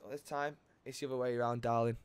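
A man doing in-character game roleplay, swearing a lot and sometimes bursting into shouting. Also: medium pitch, level tone, quick pace, noisy background. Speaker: roleplay streamer.

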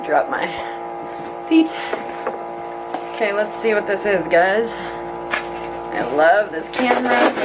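A woman's voice: mid-range voice, lively intonation, slow pace, long pauses, loud music behind the voice. A woman vlogging casually with a gushing, giggly enthusiasm, first at home and then from her car. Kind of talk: casual vlog chat.

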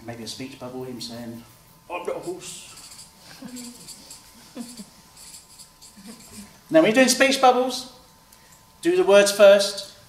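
With a high, sing-song voice, this man speaks slowly and pauses often. He's an author-illustrator explaining a drawing step by step in a chatty way and performing the children's replies. The recording is roomy, with the mic far off and faint background noise.

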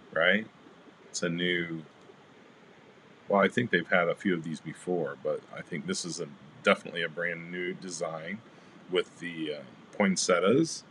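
Male craft livestream host, low voice, easygoing and chatty with viewers; light room noise. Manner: chatty, greets live chat viewers by name; relaxed, rambling with fillers. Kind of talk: casual craft demo livestream.

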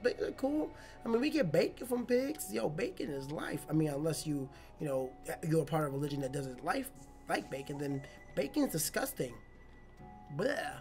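A woman doing casual, jokey commentary while playing a video game, rambling and excitable. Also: deep voice. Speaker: let's play host.

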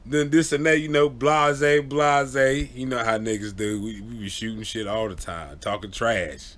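A man telling a true story to camera in a casual, animated way, often laughing and acting out the people in it. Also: mid-range voice, unhurried, slight background noise. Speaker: vlogger.

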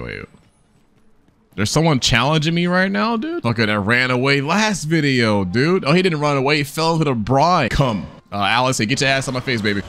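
A man's voice: medium pitch, fairly bright tone. A young man giving casual, profane, joking commentary over his gameplay, talking straight to his viewers. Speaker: gaming YouTuber.

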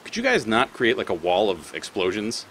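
A man's voice: lowish voice, huge pitch swings, moderate pace, a bit bright, a little hiss or hum. A man giving casual gameplay commentary as a let's play host; he swears often and talks back at the creatures on screen.

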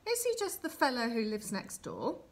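A woman's voice: fairly high pitch, huge pitch swings, moderate pace, voice pushed up. A woman voicing a curious, scheming man in a crowd who asks eager questions in a storybook. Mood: questioning.

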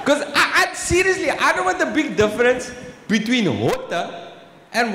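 Chatty South African comic in a big hall. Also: male voice, sits high, lively intonation, normal speed, a bit bright, slight background noise. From Cape Town, South Africa. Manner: chatty, keeps asking "right?", slips in "bruh". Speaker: stand-up comedian. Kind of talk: live stand-up comedy. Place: large exhibition hall on stage. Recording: echoey live hall, faint ambience.

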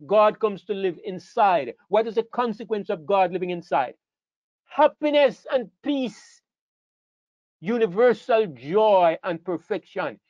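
Emphatic high-voiced male preacher. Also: normal speed, hardly any pauses, darkish tone, no room sound. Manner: emphatic, repeats key phrases, asks rhetorical questions. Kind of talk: sermon. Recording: dull dry lo-fi sound.

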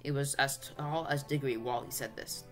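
Brief: channel reader narrating a storybook, mid-pitched, soft music under. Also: fairly even intonation, fairly quick. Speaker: audiobook reader. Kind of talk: storybook read-aloud narration.

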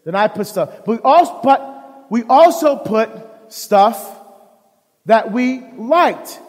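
A deacon giving a live talk on marriage to an audience, telling animated stories and acting out the dialogue. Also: male voice, extremely high pitch, slow. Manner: animated storyteller who acts out dialogue. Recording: long hall reverb.

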